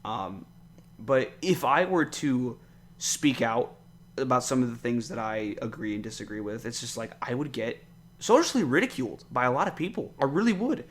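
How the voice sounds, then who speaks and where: A man's voice: medium pitch, expressive, normal speed. A young man from the United States hosting a solo podcast, ranting casually with frequent swearing, fillers and exasperated asides. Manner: rambling, profane, exasperated, many fillers. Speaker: podcast host.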